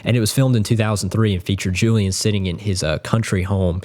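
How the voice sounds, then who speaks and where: An earnest man speaks casually in a fairly low voice, rambling and full of admiration. He talks as a guitar YouTuber addressing his viewers. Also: fairly even intonation, fast, a little mellow. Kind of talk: casual spoken tribute.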